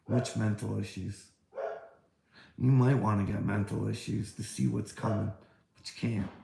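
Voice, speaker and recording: A man's voice: lowish voice, fairly even intonation, normal speed, gravelly, mellow, reverberant, a little hiss or hum. A man in a rambling livestream rant, taunting and preachy, swearing often and laughing between lines. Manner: taunting, calls listener "bud", frequent laughter; profane, preachy.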